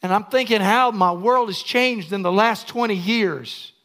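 An older man preaching a sermon, his voice pitched very high for a man. His tone is bright and forceful, and he leans into emphatic, shouted lines. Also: a little slow. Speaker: pastor.

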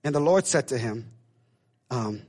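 A man preaching a sermon to a church, lively and dramatic, acting out the voices of the figures in his story and rising at times to a shout. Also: medium pitch, a little slow, husky. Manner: animated, acts out biblical voices, builds to shouts. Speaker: pastor.

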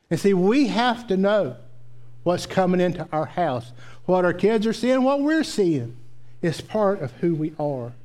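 A preacher with a fairly high voice gives a sermon. He mixes homespun storytelling with emphatic repetition. He drives his points home. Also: dark tone. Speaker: pastor.

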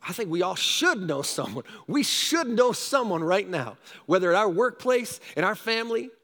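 A man preaching a sermon, animated, with rising shouts and repeated calls to his listeners. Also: sits high, moderate pace, in a large hall. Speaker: pastor.

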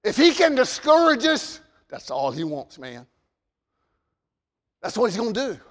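A man preaching a sermon, stammering on repeated words and swinging between loud emphasis and quiet asides. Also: very high-pitched, huge pitch swings, measured pace, in a large hall.

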